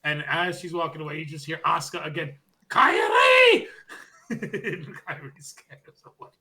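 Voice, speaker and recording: Animated, bright-voiced man retelling wrestling. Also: fairly high pitch, normal speed. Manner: animated storytelling, acts out quotes loudly. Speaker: podcast co-host. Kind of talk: casual wrestling recap chat.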